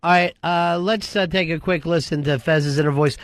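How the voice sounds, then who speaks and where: A man hosting a talk radio show, teasing and sarcastic, given to quick, punchy rants. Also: fairly high pitch, steady tone. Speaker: radio host. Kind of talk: casual radio chat.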